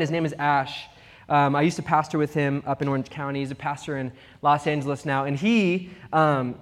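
A young man preaching a sermon as pastor, with animated, humorous storytelling. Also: a little high. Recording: long reverb of a big hall.

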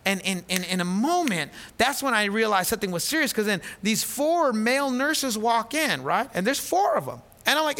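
A man in his thirties, a pastor preaching a sermon and telling a story with lively, animated delivery, often repeating words as he restarts. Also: high voice, moderate pace, hardly any pauses.

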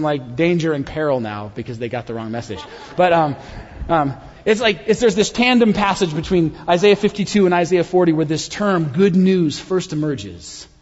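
Husky-voiced preacher in a reverberant hall. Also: male voice, high voice. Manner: animated, dramatic storytelling with sudden quiet drops. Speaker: pastor. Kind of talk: sermon. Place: church sanctuary. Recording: dull sound with long reverb of a large hall.

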